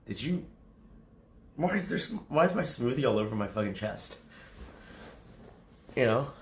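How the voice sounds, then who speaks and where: A man's voice: fairly low pitch, creaky, echoey room, slight background noise. A man livestreaming casual chat to his viewers, rambling and swearing, often laughing. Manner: rambling, profane, laughs a lot.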